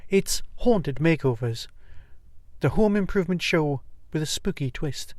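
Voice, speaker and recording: A man's voice: on the high side, lively intonation, unhurried, no room sound, studio quality. A man hosting his own podcast, reviewing in a chatty, enthusiastic way with rambling asides. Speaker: podcast host. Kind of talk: casual solo review.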